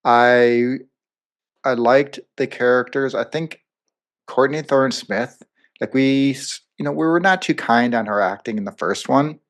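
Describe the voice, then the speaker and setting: A man's voice: medium pitch, unhurried. A man co-hosting a movie review podcast, talking casually with lots of fillers and asides. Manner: rambling, animated, lots of fillers. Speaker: podcast co-host.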